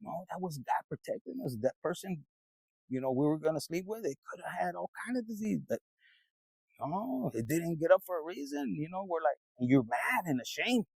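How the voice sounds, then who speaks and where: A man with a high, gravelly voice rambles through a casual tarot reading in a dry, close sound, cursing freely and talking straight to his viewers in a loose, streetwise way. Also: big pitch swings, brisk, mellow, no echo, low-quality recording. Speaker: tarot reader.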